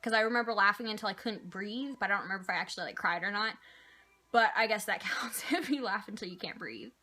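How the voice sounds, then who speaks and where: A young woman talks casually to her viewers, rambling from one answer to the next with plenty of fillers. Her voice is bright and clear, sitting at an ordinary pitch for a woman. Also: animated, quick pace. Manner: chatty, rambling, with many "like" and "um" fillers. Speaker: vlogger answering viewer questions. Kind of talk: casual chat.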